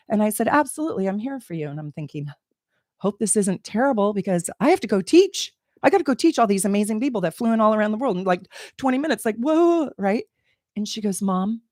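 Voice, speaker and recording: A middle-aged woman, an astrologer, telling a personal story in an animated, emotional way, laughing and exclaiming. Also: on the low side, no echo, clean studio sound. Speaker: astrologer and channel host. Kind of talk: casual personal storytelling to camera.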